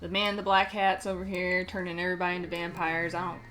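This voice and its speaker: A woman's voice: on the low side, completely flat delivery, quick pace. Chatty woman playing a life-sim game. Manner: chatty, laughs often, swears casually. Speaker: gameplay streamer. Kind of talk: casual let's-play commentary. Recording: game music and sim chatter loud behind. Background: game music and crowd chatter.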